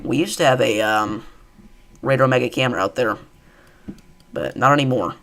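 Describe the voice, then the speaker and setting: Hosting a live severe-weather stream, a man with a gravelly, creaky, medium-pitched voice speaks at a normal speed. He's casual and full of fillers, gets excited over tornado footage, and keeps cutting in to repeat warnings that viewers take shelter.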